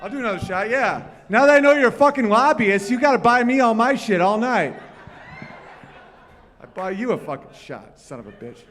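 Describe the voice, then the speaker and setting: A man doing loud, profane crowd work at a piano, teasing someone in a bar. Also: very high voice, lively intonation, normal speed. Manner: loud, brash and profane, teasing an audience member. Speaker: comedian at the piano. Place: bar or club room. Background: faint piano.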